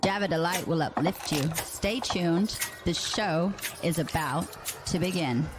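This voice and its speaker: A woman announcing the start of a show in a calm, measured scripted voice. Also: on the low side, heavy background noise. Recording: loud music under voice.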